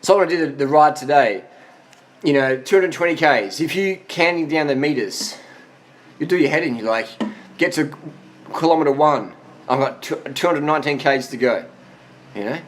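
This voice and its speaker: A man's voice: a little high, expressive, normal speed, pauses often. A man of forty giving blunt, profane answers to viewer questions in a casual monologue, worn out after a long ride. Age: 40s.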